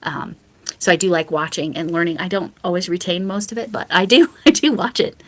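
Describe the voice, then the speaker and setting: A woman speaking as a guest on a relaxed online interview. Her voice sits a little low, and she talks in a friendly, chatty way, often laughing between points. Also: fairly quick. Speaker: interview guest, fellow creator. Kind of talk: casual video interview chat.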